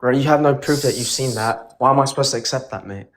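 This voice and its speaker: A man's voice: mid-range voice, fast talker, slight background noise. Insistent male caller in a debate. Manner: insistent, keeps calling the other man mate. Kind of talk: argumentative debate.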